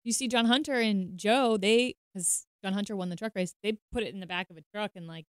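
A woman's voice: medium pitch, brisk, clear, resonant tone, dry recording, studio quality. A woman co-hosting a podcast, asking curious, teasing questions in casual chat. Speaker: podcast co-host.

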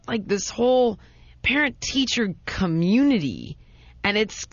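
A lowish female voice rambles through a casual story, restarting often and exaggerating dramatically to poke fun at herself. No echo is present; the recording sounds dry, dull and lo-fi.

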